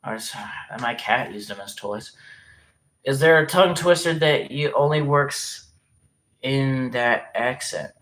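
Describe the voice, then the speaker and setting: Hosting a live stream, a young man chats in a loose, rambling way, full of fillers and occasional cursing. His voice is medium-pitched and a bit bright, his pace a little slow, and he has a regional dialect whose origin isn't given.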